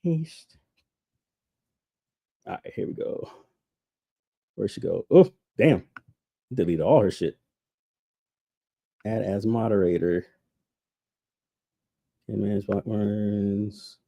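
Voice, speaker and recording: A man's voice: fairly low pitch, takes it slowly, vocal fry, long pauses, warm tone, no room sound, clean studio sound. A man hosting a casual livestream, venting in a heated, sarcastic, profane way, often laughing between remarks. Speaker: channel host.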